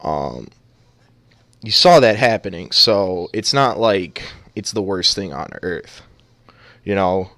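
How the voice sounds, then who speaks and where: A man with a fairly low voice casts an amateur esports match in loose, joking banter full of fillers. The sound is dry and close, with no room around it. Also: lively intonation, slow pace, pauses often, fairly bright tone, no echo. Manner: joking, rambling with many fillers. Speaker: esports caster. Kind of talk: casual esports commentary.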